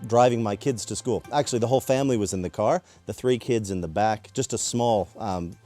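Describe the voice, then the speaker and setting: A man, a preacher, telling a personal story in a lively way and acting out what people said. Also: on the low side, fairly quick, faint music behind. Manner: lively retelling with acted-out quotes. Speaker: preacher and workshop presenter.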